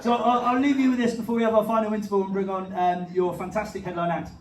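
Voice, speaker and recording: A man's voice: high voice, little pitch movement, fast talker, a little mellow, slight background noise. A man performing a live stand-up set, chatty and self-mocking, often laughing at his own jokes. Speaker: stand-up comedian. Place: live comedy venue with an audience. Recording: roomy venue audio, captured from a distance with crowd laughter. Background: audience laughter.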